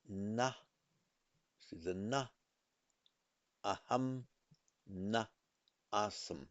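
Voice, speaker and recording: A man teaching a language lesson in a careful, methodical way, pausing to correct himself. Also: lowish voice, dry recording, dull audio. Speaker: Sanskrit teacher. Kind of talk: explanatory lesson.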